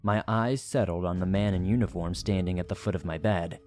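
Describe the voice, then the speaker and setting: A man's voice: low-pitched, a little fast, darkish tone, soft background music. A man narrating a first-person horror story in a dramatic, suspenseful way.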